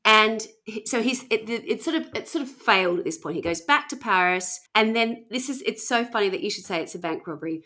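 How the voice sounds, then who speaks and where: A woman's voice: mid-range voice, lively intonation, a little fast, hardly any pauses, pushed and bright. A woman hosting a podcast, chatting casually as she retells a story, laughing often and acting out the people she quotes. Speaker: podcast host telling a story.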